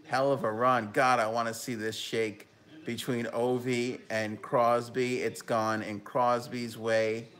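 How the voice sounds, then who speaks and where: A young man hosting a live hockey talk stream, reacting to a game and reading viewer comments, with bursts of loud enthusiasm. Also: medium pitch.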